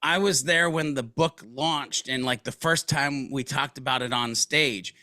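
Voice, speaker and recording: A man's voice: mid-range voice, a little slow, dry recording, clean studio sound. A man guest in a business interview, telling stories casually with slang and acting out quoted lines. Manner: animated storyteller, casual slang, acts out quotes.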